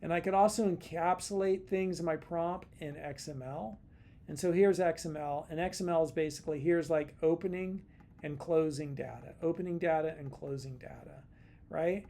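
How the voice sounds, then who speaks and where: A man's voice: a little high, fairly even intonation, normal speed, vocal fry, dark tone. A middle-aged man giving a casual college lecture, chatty and repetitive, with many fillers and restarts. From California. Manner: chatty, repeats himself, plenty of fillers and restarts. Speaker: college instructor.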